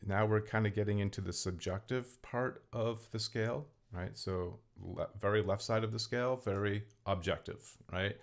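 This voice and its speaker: A man with a fairly low speaking voice talks casually from his bedroom, explaining things as he goes. He often tags his sentences with "right?" and drops in "um" and "you know," with small restarts along the way. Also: moderate pace, vocal fry, hardly any pauses. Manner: conversational, frequent "right?" tags and fillers; explaining, thinking aloud with restarts. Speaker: vlogger and hobby singer. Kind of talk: casual spoken talk to camera. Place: home bedroom.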